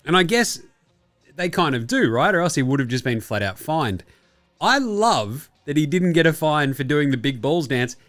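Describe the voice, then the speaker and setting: Casting: young Australian man, sports podcast host, animated up-and-down delivery, profane and rambling. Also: high voice. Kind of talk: casual sports chat.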